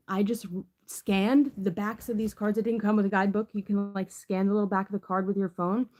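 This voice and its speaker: A tarot reader with a mid-range, slightly mellow voice chats casually. She rambles, swears, and fills her talk with lots of fillers.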